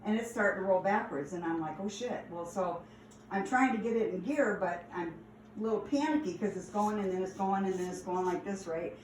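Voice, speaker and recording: A woman telling stories from her past in a casual, animated way, laughing and acting out the lines. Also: medium pitch, brisk, slight background noise. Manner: animated, laughing, acts out quotes. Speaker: storyteller. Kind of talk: casual storytelling. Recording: echoey room, distant mic.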